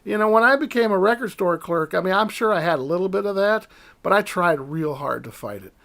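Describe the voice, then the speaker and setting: Animated storytelling man, fairly high voice. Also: fairly quick, creaky. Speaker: podcast guest. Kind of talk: casual chat.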